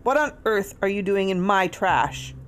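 A woman reading aloud, voicing a rude, street-tough male raccoon who talks gruff and demanding. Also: medium pitch, expressive, a little slow. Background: soft guitar music.

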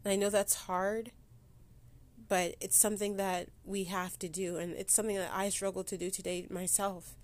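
Flat-voiced woman holding back tears. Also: medium pitch. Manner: halting, with many restarts and pauses. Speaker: podcast host. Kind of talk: personal solo podcast talk. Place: sitting against a board indoors.

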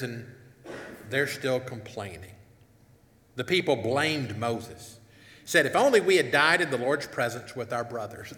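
A man's voice: a little high, pushed and bright. A man preaching a sermon and reading scripture aloud, earnestly putting questions to his congregation, on a wireless mic in a church hall. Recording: echoey hall with long reverb.

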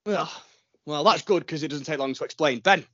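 A man's voice: on the high side, brisk, fairly bright tone, no room sound. A man co-hosting a casual podcast, teasing his friends and laughing a lot. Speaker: podcast co-host. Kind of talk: casual chat. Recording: slightly muffled dry recording.

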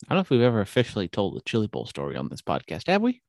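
A young man with a low voice talks fast at a podcast mic in a dry room. He keeps up loose, teasing banter with his co-host. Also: sing-song, creaky, darkish tone, dry recording. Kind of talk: casual chat.

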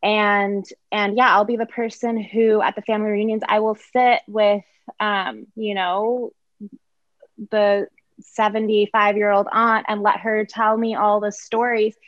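A woman in casual group conversation, explaining her views in a thoughtful, measured way. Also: mid-range voice, little pitch movement, dry recording, lo-fi sound.

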